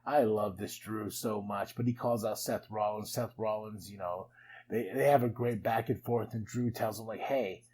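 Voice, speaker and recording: Excitable man recapping wrestling. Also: lowish voice, normal speed, a little hiss or hum, rough recording. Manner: excitable, laughs often, chatty asides. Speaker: podcast host.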